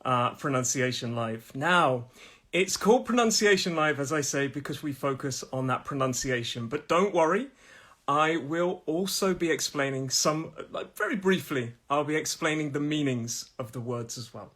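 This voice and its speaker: A man's voice: a little high, normal speed, a bit bright. A man from Nottingham with a Midlands accent, hosting a live-streamed English pronunciation lesson from his room in a chatty way, often laughing and repeating himself. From Nottingham, England.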